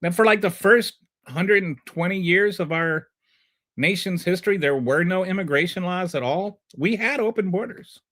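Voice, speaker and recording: A man's voice: sits high, moderate pace, fairly bright tone. A man hosting a livestream who gives political commentary and answers live chat in a sarcastic, combative way, often rambling and restarting. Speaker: livestream show host.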